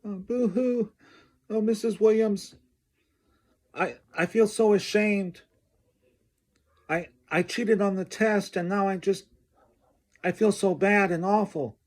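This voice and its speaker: A man putting on a high, whiny fake-crying boy. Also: slow, pauses often. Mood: fake sobbing. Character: boy faking tearful remorse.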